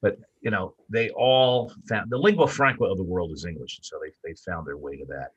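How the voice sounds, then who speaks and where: An older man, a veteran sports broadcaster, telling stories as a guest in a casual podcast chat, animated with frequent restarts and bursts of emphasis. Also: deep voice, fast talker, breathy edge, lo-fi sound.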